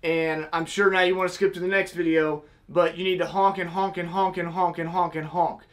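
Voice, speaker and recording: High-voiced man teaching goose calling. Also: level tone, a little fast. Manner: step-by-step, demonstrating with vocal honk sounds. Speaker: goose call instructor. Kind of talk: casual how-to tutorial.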